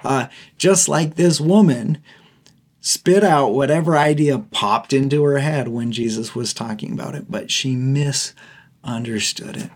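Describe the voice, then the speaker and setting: A young man walks through a Bible passage in a relaxed, chatty way. He laughs easily and keeps asking his listeners whether they are following him. His voice sits at an ordinary middle pitch. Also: measured pace. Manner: conversational, laughs often, checks in with "okay?" and "right?". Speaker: Bible teacher. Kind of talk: casual Bible teaching.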